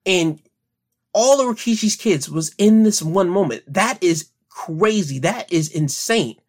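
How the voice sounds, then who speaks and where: This young podcast host has a high-pitched, expressive voice and keeps a measured pace. He talks through wrestling events casually, framing them in future tense and using lots of fillers.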